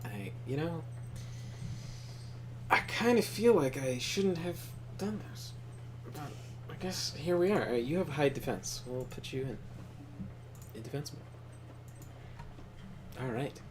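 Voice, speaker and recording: Brief: young male gamer, lively swings in pitch, swears freely, faint hum behind. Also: slow, long pauses. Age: young adult. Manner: profane, laughing, animated storyteller. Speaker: gaming channel co-host. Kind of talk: casual gameplay commentary and storytelling.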